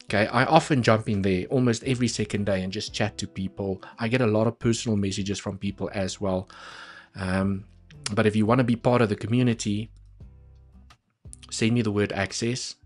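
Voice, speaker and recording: Man, live-stream chart talk, chatty, repeats himself, deeper voice. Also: fairly even intonation, moderate pace, soft background music. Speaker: crypto trading streamer.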